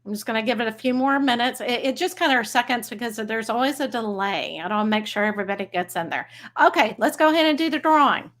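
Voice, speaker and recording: A woman's voice: on the high side, quick pace, fairly bright tone. A woman with a Texas accent hosting a casual psychic livestream, chatty and bubbly, laughing easily as she greets viewers by name. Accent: Texan. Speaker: psychic medium livestream host.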